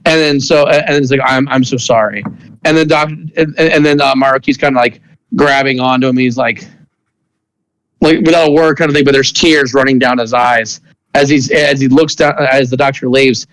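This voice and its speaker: A man narrating as game master of a tabletop game, talking in a halting way with many restarts. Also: medium pitch, steady tone, a bit bright, dry recording, poor audio.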